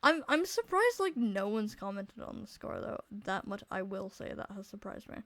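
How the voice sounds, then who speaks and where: A woman's voice: mid-range voice, big pitch swings, moderate pace, no room sound. Blunt young woman streamer, dry mic. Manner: swearing, blunt. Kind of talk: narrating a visual novel.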